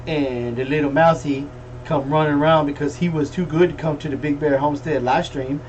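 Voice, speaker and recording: A man's voice: fairly high pitch, fairly even intonation, a little fast. A middle-aged man hosting a casual livestream, telling folksy jokes and stories. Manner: folksy, joking storyteller. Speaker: livestream host. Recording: distant mic with faint room noise.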